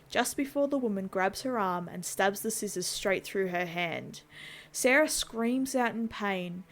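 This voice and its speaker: A woman at a middling pitch reads out a horror film recap scene by scene. She keeps the plot moving in a scripted way and slips in dry, wry little asides. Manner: wry asides between plain plot retelling. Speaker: horror channel host.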